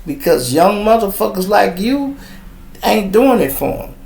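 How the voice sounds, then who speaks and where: A man's voice: high-pitched, sing-song, measured pace, vocal fry, darkish tone, reverberant. A middle-aged man from Chicago hosting a live podcast, telling streetwise, profane stories in casual talk. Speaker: podcast host. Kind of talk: casual live-stream storytelling.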